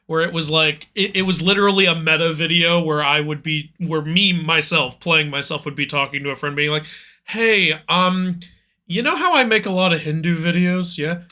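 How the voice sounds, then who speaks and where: A man's voice: on the high side, bright, forceful tone. A man hosting a casual podcast chat, laughing often and restarting his sentences. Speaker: podcast host.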